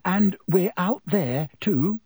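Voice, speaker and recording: A man's voice: high voice, expressive, slow, warm tone, slightly rough, no echo, studio quality, voice pushed up, heavily acted. A man voicing a bewildered teenage schoolboy wizard in an audiobook, full of confused questions. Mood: questioning. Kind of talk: audiobook character voice.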